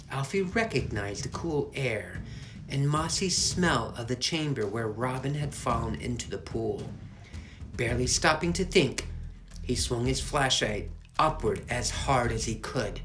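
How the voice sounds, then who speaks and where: A man narrating a children's fantasy novel as an audiobook, expressive and measured. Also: mid-range voice, a little hiss or hum. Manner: expressive, slow storytelling. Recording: soft music underneath.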